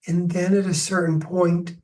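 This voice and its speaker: A man, a grief expert, answering podcast questions with slow, reflective stories. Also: sits high, level tone, warm tone, distant mic. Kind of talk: podcast interview, storytelling answers.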